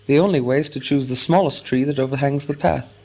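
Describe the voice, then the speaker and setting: A man reading the part of a gruff, curt dwarf leader in an audiobook, speaking in his own voice. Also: medium pitch, fast talker, darkish tone, lightly acted. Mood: exasperated. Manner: curt, commanding. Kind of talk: audiobook character voice.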